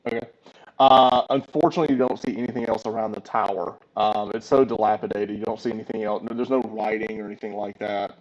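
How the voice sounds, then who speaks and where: A man's voice: on the low side, fairly even intonation, fast, low-quality recording. A man narrating a tabletop game as game master, with many ums and uhs. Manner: hesitant, filler-heavy narration.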